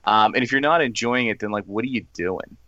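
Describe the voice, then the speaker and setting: Bright-voiced reflective man. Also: mid-range voice, brisk, dry recording, lo-fi sound. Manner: reflective, thoughtful, easygoing. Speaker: podcast co-host. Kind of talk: casual chat.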